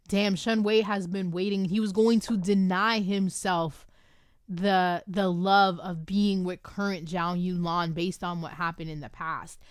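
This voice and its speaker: A woman host excitedly talking through a book she loves, gushing with lots of fillers, in a casual review chat recorded at home on a desk microphone. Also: medium pitch, clear, resonant tone, no room sound, clean studio sound. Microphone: desk microphone with camera.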